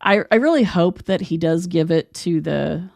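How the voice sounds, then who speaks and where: A woman's voice: lowish voice, expressive, moderate pace, creaky, a little mellow, no echo. A woman from West Virginia hosting a podcast, telling stories in a chatty, rambling way. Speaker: podcast host. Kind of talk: casual conversation.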